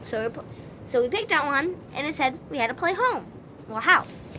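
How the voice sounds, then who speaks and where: A woman's voice: sits high, sing-song, normal speed, noisy background. A woman vlogger telling a story casually to camera, rambling with many restarts.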